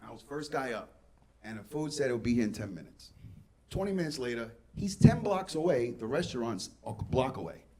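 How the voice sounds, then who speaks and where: A man's voice: mid-range voice, big pitch swings, a little fast, mellow. A man from Queens doing a brash, profane stand-up comedy set on a club stage. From Queens, New York. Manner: brash, profane, acts out dialogue. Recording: live club with audience laughter. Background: crowd laughing.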